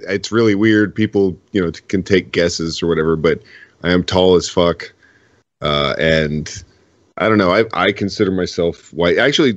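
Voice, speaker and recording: A man's voice: sits low, dry recording, highs cut off. A man co-hosting a podcast, chatting casually with frequent swearing and restarts. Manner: profane, rambling, lots of restarts. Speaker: podcast co-host. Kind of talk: casual chat.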